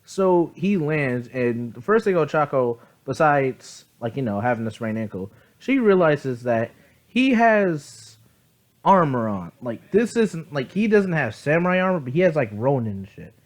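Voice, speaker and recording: A man's voice: a little high, sing-song, measured pace. A sleepy man casually telling an improvised fan story, rambling with lots of fillers, self-corrections and swearing, recorded on a phone. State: sleepy, yawning.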